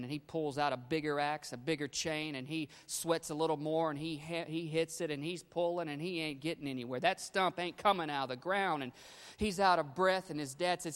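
Male pastor, slightly high-pitched, preaching with surges of emphasis and hushed drops; long hall reverb. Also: steady tone, a little fast, smooth. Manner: swings from loud emphatic bursts to quiet low endings. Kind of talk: sermon.

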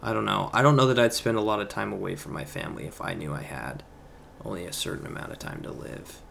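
A young man co-hosting a podcast, talking casually in a halting, rambling way full of fillers. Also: lowish voice, expressive, creaky. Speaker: podcast co-host. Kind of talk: casual chat. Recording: faint background noise.

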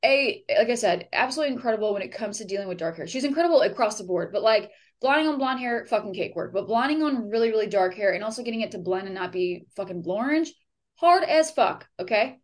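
A woman hosting a casual podcast interview, blunt, excitable and full of swearing. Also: fairly high pitch, fast talker. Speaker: podcast host and hairdresser.

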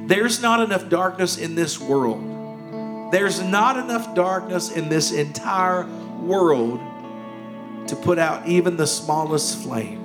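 A man preaching a sermon as pastor in a church, urgent and impassioned, repeating key phrases and dropping to hushed tones. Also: high-pitched, animated, slow, over music. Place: church sanctuary.

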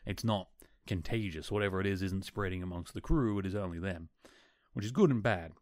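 A man's voice: low voice, fairly quick, darkish tone, no room sound. A man hosting a podcast, casually retelling a TV episode and slipping into quoted lines from the characters. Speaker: podcast host.

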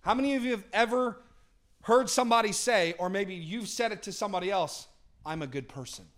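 A man preaching a sermon, moving from booming to hushed and asking the congregation to answer back. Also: fairly quick. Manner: dynamic, swings from booming to hushed; talks with the congregation, asks for responses.

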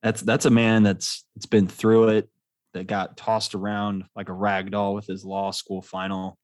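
A man's voice: on the low side, level tone, measured pace, no room sound. A young man co-hosting a podcast, bantering in a teasing, easygoing way. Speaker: podcast co-host. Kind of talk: casual podcast chat.

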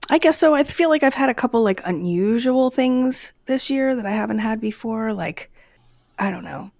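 A woman's voice: on the high side, lively intonation, normal speed, gravelly, a little mellow, no echo. Woman rambling away in casual chat, restarts a lot, dry close mic. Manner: chatty, rambling, frequent self-restarts.

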